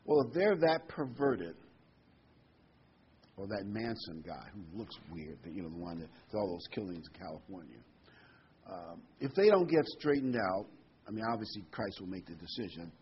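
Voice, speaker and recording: A man's voice: low voice, expressive, moderate pace, breathy edge, muffled recording. A man preaching a sermon verse by verse in a folksy, conversational way.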